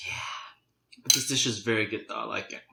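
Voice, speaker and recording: A man casually chatting while eating spicy noodles, clearing his throat and sniffling, then recapping an anime in a loose, rambling way. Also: fairly low pitch, sharp tone, roomy sound, poor audio. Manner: chatty, loose, with frequent restarts and "you know". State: runny nose from spicy food, clearing throat. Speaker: mukbang vlogger.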